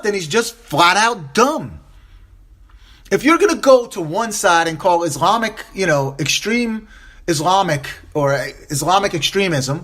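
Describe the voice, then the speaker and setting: Speaking in a high-pitched, fairly bright voice, a male podcast host delivers a solo opinion show. He's impassioned and upset, stumbling over restarts and repeating phrases to drive his points home.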